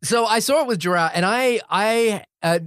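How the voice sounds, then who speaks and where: A man's voice: high voice, moderate pace, a bit bright, clean tone, no echo, clean studio sound. A man co-hosting a movie podcast, talking casually with many restarts and digressions. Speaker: podcast co-host. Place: podcast studio.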